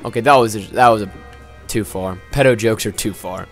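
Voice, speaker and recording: A man giving profane, loud gaming commentary, yelling at the game often and then dropping into sheepish apologies. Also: on the low side, faint music behind. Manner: quick swings between ranting and sheepish apologies. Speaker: gaming video host. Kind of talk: let's-play gaming commentary.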